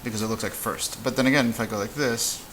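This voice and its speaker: A man teaching a casual whiteboard lesson, relaxed and halting, with frequent fillers and restarts. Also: fairly low pitch, slight background noise, low-quality recording. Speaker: Spanish teacher.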